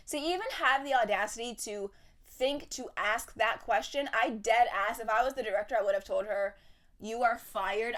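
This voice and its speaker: Young woman, podcast host, swearing rant, fairly high voice, animated. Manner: profane, heated, animated ranting. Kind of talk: casual ranting monologue.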